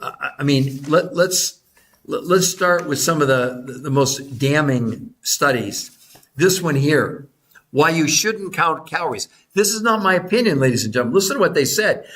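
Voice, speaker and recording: A man's voice: a little high, animated, moderate pace, fairly bright tone. A man presenting research to viewers in an insistent, repetitive, sales-style way, addressing them directly and greeting chat viewers by name.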